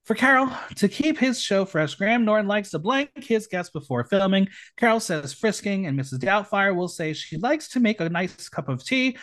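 A man's voice: high voice, expressive, normal speed, hardly any pauses, a bit bright. A man hosting a recap podcast, reading out the episode with playful asides. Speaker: podcast host. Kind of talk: reality show recap podcast.

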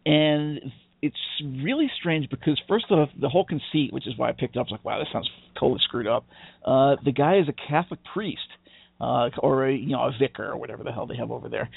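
A man's voice: medium pitch, animated, fairly quick, vocal fry, breathy edge, no room sound. A man from the United States co-hosting a podcast, talking in a rambling, profane casual chat and laughing often. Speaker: podcast co-host. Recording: dry, phone-like narrow sound.

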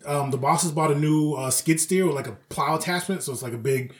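A man co-hosting a podcast, telling animated work stories in casual, profane chat and acting out his coworkers' lines. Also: on the high side, brisk. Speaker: podcast co-host.

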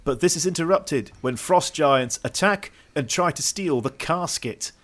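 A man's voice: on the high side, lively intonation, fairly bright tone. A man co-hosting a podcast, chatting easily about a film and laughing often. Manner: easygoing, quick to laugh. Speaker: podcast co-host. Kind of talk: casual film chat.

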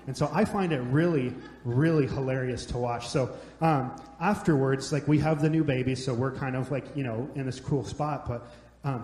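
A young adult man preaching a sermon, telling jokes and stories in a relaxed, conversational way. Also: medium pitch. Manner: joking, conversational storytelling. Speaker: pastor. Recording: echoey hall, long reverb.

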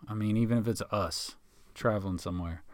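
A man's voice: lowish voice, fairly quick, dry recording. A man in his forties chatting casually with his wife, joking and slipping into mocking voices of imagined people. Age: 40s. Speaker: husband in a casual couple's chat. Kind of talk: casual chat.

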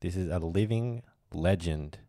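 A man with an Australian accent hosting a comedic footy podcast, animated and exasperated, swearing freely. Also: low voice, a little slow, no room sound, clean studio sound. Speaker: podcast host.

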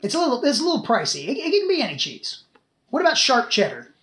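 A chatty man hosts a podcast, his pitch swinging up and down. He swears casually and rambles. The room around him is echoey. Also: wildly swooping pitch, quick pace, a bit bright. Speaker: podcast host. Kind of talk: casual chat.

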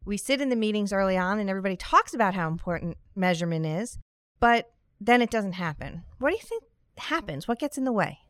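Smooth-voiced woman hosting a podcast. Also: medium pitch, animated, quick pace, fairly bright tone, dry recording. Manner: upbeat, dry sarcastic humor. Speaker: podcast host. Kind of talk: scripted podcast conversation.

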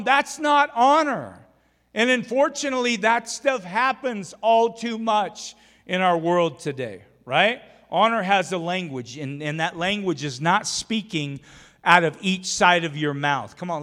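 A high-voiced man preaches with animated, exhorting energy, breaking into acted-out scenes. His voice rings through a church with a long reverb. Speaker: pastor. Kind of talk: sermon.

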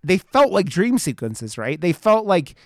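A man's voice: sits high, sing-song, measured pace, dry recording, clean studio sound. A man in his thirties chatting casually, rambling with lots of fillers and frequent swearing. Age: 30s. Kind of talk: casual chat.

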